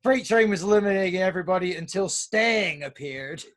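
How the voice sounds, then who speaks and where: A man's voice: high-pitched, a little fast. A man co-hosting a wrestling podcast, recapping events wryly, swearing casually and laughing through his lines. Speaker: podcast co-host.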